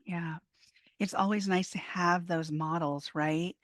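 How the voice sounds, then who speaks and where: A woman's voice: fairly low pitch, fairly even intonation, takes it slowly, no room sound, clean studio sound. A woman podcast host and psychologist interviewing a guest with thoughtful, probing questions. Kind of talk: interview conversation.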